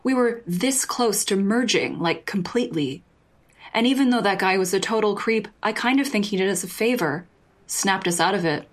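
Give me a woman playing a calm, firm young woman with measured therapy talk. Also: medium pitch, close to an everyday voice. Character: blunt young woman roommate, calm, distancing.

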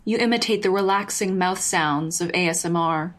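A woman narrating a second-person story in a steady, even delivery. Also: lowish voice, moderate pace, few pauses.

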